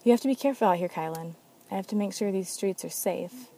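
A woman's voice: medium pitch, fast talker, mellow, close to an everyday voice. A woman voicing an earnest, protective male officer in a story reading, speaking with concern.

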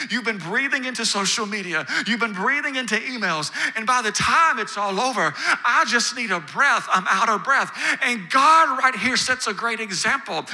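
A man's voice: high-pitched, sharp tone. A man preaching a sermon, possibly, building emphasis through repeated phrases. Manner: preaching with rising emphasis and repetition. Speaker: pastor.

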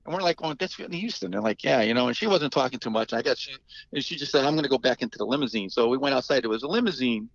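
A man, a musician guest, telling stories in a rambling, animated way, full of restarts. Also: medium pitch, very fast, gravelly, no echo, muffled recording. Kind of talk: casual storytelling interview.

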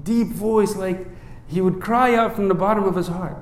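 High-voiced priest in an echoey room. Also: male voice, normal speed. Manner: earnest, asks many rhetorical "right?" checks; drops low and soft when reciting the prayer. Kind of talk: sermon.

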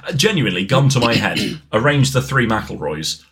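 A man co-hosts a podcast in relaxed, joking conversation. His voice is bright and forward, his pitch swings widely, and he wanders into asides and restarts. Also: moderate pace, slightly rough. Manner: animated, playful, rambling with restarts and asides. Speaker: podcast co-host. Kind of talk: casual banter.

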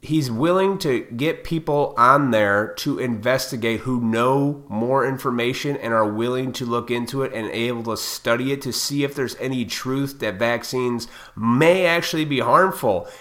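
A man's voice: medium pitch, moderate pace, hardly any pauses, fairly bright tone. A man delivering a heated, profane monologue to his viewers, lecturing them bluntly. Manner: heated, fired up.

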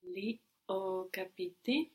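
A woman's voice: medium pitch, takes it slowly, slightly rough. A woman student giving careful, hesitant short answers in a language lesson.

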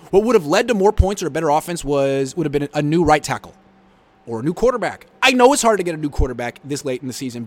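A man hosting a live sports reaction show, reading viewer comments and answering with blunt sarcasm. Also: sits high.

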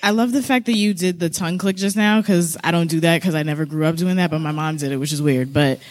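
A podcast host sharing reflective thoughts in a casual panel discussion, chatty and quick to laugh. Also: mid-range voice.

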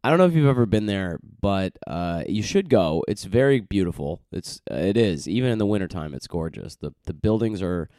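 A man's voice: deep voice, animated, moderate pace, hardly any pauses, dark tone, no echo, studio quality. A man hosting his own podcast, rambling in a loose, chatty way with plenty of fillers and restarts. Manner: loose and chatty, with many fillers and self-corrections. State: recovering from a cold and jet lag. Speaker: podcast host. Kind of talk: casual rambling monologue.

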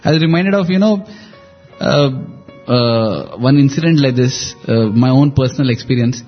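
A man's voice: medium pitch, moderate pace. A man, co-hosting a devotional radio talk and recalling stories in a reflective storytelling manner with frequent laughs. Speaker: radio show co-host. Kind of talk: conversational devotional reminiscence. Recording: dull lo-fi with faint music.

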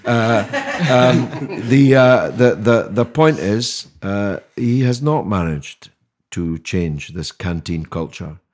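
A man's voice: fairly low pitch, animated, slow, darkish tone. An older man, a guest on a podcast interview, talking in an emphatic, rhetorical way with many restarts. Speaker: mayoral candidate guest.

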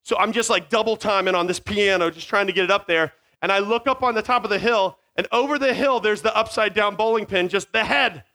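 High, bright-voiced man telling a comic story. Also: brisk, few pauses. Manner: animated, self-mocking, acts out sounds. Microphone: small mic near his beard.

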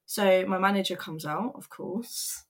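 A woman's voice: medium pitch, measured pace, breathy edge. Candid young woman telling her story. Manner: candid, earnest, emotional retelling with quoted voices. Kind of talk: personal storytelling vlog.

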